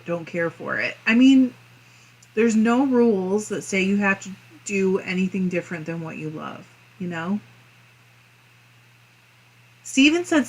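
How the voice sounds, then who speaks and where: A woman's voice: mid-range voice, low-quality recording. A woman with a Midwestern accent hosting a live crafting stream, reading viewer comments aloud in a friendly, chatty way. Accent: Midwestern American. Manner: chatty and friendly, muses aloud with small laughs.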